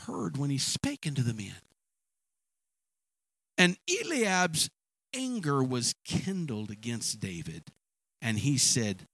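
A man's voice: fairly high pitch, a bit bright, dry recording, poor audio. A man preaching a sermon, retelling a scripture story with dramatic acted asides and stammering restarts.

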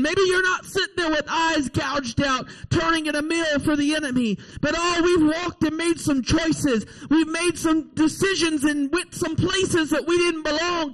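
Man preaching in a very high, impassioned voice. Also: low-quality recording. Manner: impassioned, rises to shouts, repeats "can I tell you". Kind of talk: sermon. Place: church service, also streamed online.

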